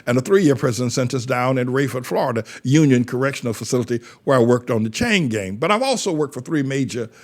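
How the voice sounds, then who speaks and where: A man's voice: medium pitch, animated, fast talker, hardly any pauses, a little mellow. An older man, a pastor, delivering a blunt, rambling commentary monologue and often repeating words as he searches for the next thought.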